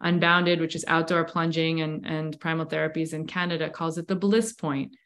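A woman's voice: deep voice, level tone, moderate pace, a bit bright. Woman, breathwork coach, casual interview, enthusiastic, flowing run-on explanations. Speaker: breathwork and cold exposure coach.

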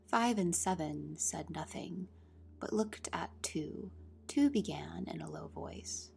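A woman narrating a classic children's story in soft, half-whispered tones. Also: fairly low pitch, takes it slowly, creaky, a little hiss or hum. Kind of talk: storybook reading. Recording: soft music under the reading.

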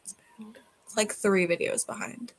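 Chatty teasing woman, mid-pitched. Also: steady tone, whispered. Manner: chatty, teasing, asks quick questions. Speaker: book club co-host. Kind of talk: casual chat.

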